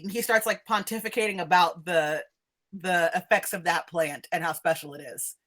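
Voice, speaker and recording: A woman's voice: on the low side, normal speed, a bit bright. A woman running a tabletop game as game master, narrating loosely with laughs and rambles.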